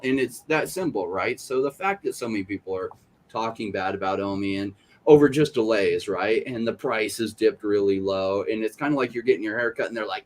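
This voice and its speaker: A man's voice: fairly low pitch, brisk, slight background noise. A middle-aged man chatting on a podcast, telling stories and acting out other people's lines in little quoted voices. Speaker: podcast panelist. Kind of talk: casual podcast chat.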